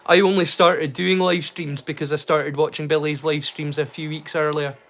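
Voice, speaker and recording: With a fairly bright, level voice on the high side and a moderate pace, a man from Scotland hosts a casual livestream at home in the Scottish countryside. He talks in a meandering way, often restarting and slipping into slang.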